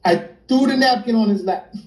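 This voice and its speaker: A fairly high-voiced man from New York tells a story as an interview guest, animated and lively, acting out each friend's lines in turn. His tone is mellow and warm. The sound is roomy, like a livestream from an echoey room. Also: normal speed. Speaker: interview guest, rapper and producer. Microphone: phone or computer on a livestream.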